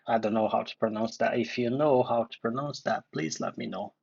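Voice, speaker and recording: A man teaching a coding tutorial, thinking aloud with many fillers and restarts, recorded in a dark room at his computer. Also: medium pitch, a little fast, gravelly, husky, lo-fi sound. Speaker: coding instructor.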